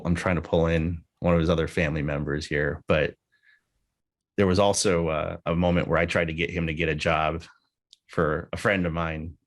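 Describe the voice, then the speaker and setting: A man telling a personal story in tribute at a memorial gathering, candid and conversational, with casual swearing. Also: a bass voice. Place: live gathering with people present.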